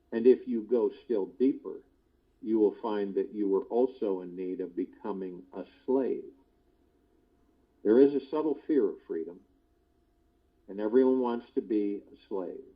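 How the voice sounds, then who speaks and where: A man giving a spiritual discourse, slow and deliberate, often repeating his key phrases. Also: lowish voice, husky, dull audio. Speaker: spiritual teacher.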